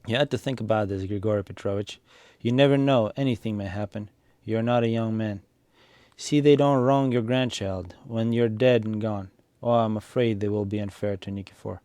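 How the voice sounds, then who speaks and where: A man's voice: on the low side, fairly even intonation, normal speed, warm tone, no echo, natural voice. A man reading aloud, voicing a fussy middle-aged housewife who coaxes and frets. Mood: coaxing. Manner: persuading, flustered.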